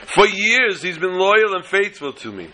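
A man voicing a kindly, wealthy older male lender who speaks in a measured, fatherly way. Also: high voice, sing-song, pushed and bright, voice pushed up, heavily acted, poor audio.

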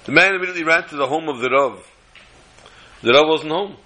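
Very bright-voiced male storyteller. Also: on the high side, brisk, rough recording. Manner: expressive, dramatic retelling. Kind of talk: sermon-style storytelling.

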